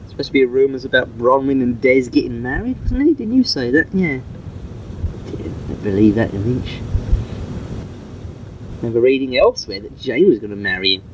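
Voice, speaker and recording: A man's voice: medium pitch, big pitch swings, normal speed, pauses often, muffled recording, a little hiss or hum. Man rambling on an old cassette tape. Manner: rambling, chatty, with many fillers. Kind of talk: recorded cassette tape message.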